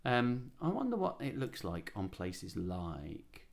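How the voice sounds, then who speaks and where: A man's voice: lowish voice, wildly swooping pitch, slow pace, gravelly. A man, a musician, hosting a casual livestream and chatting playfully between songs with a self-mocking humor. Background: guitar.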